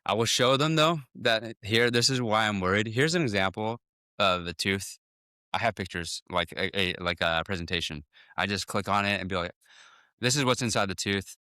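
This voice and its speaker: A man, a dentist, speaking as a guest in a casual podcast interview, talking quickly with many restarts and acting out conversations with patients. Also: fairly low pitch, pushed and bright, smooth, dry recording, studio quality. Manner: fast, full of restarts, acts out patient talks.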